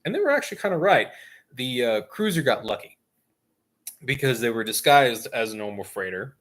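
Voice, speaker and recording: Guy on a gaming stream rambling thru a story, bright voice, laughs a lot. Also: mid-range voice, big pitch swings, brisk. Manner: rambling storyteller, laughs often, jokey asides. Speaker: stream host. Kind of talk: casual chat.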